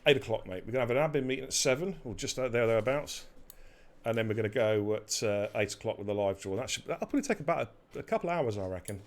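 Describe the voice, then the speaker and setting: A man with a fairly low voice talks fast while commentating a live esports race he's hosting. The tone is jokey and energetic, with plenty of banter and free swearing.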